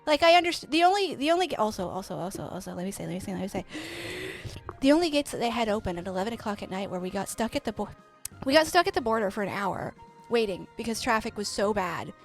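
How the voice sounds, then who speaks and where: A woman streamer telling a story in a profane, animated rant while she plays a game. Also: mid-range voice, fast talker, faint music behind. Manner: profane, animated ranting with quoted exchanges. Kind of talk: casual storytelling while gaming.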